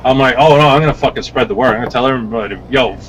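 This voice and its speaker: A man tells a story in casual chat, his pitch in the middle of the range. He swears freely and acts out the quoted lines of other people. A faint hiss of noise sits behind his voice. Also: very fast, rough recording. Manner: profane, animated, acts out quoted dialogue. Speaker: vape reviewer guest.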